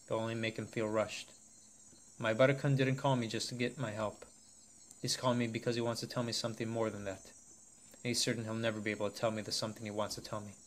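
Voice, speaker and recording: A man reads a detective tale aloud in an even, unhurried voice with very little rise and fall. Crickets chirp faintly in the background of his recording. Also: lowish voice, slight background noise. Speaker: narrator and reader of all parts. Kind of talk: amateur audiobook reading of a translated visual novel.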